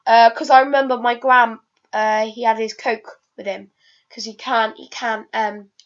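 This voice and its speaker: A woman's fairly high voice comes through a dull, lo-fi recording. She rambles through a casual vlog and keeps stopping to restart her sentences, with plenty of ums and uhs in between. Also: fairly even intonation, a little slow. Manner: rambling, hesitant, many restarts and fillers. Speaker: vlogger.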